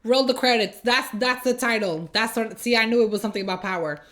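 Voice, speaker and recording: A woman's voice: a little high, fast talker, a bit bright, a little hiss or hum. Woman, reaction video host; blunt and exasperated, sarcastic running commentary.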